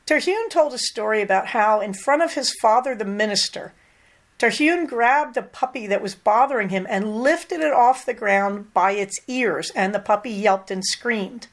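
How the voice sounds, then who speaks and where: A woman's voice: a little high, moderate pace. Candid older woman podcast host. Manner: candid, conversational, lively emphasis. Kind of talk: casual monologue.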